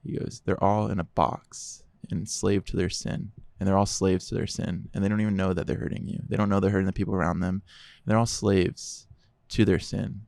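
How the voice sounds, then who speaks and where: A man speaking as a podcast guest, telling his testimony in a casual, animated way and quoting others in dialogue. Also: deep voice, brisk, vocal fry, hardly any pauses, no room sound.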